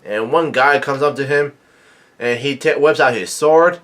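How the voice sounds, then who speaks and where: A man recapping a comic chapter in casual talk, halting with many fillers and restarts. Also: mid-range voice, fairly bright tone. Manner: reads quoted lines in a plain narrating voice. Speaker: manga reaction vlogger.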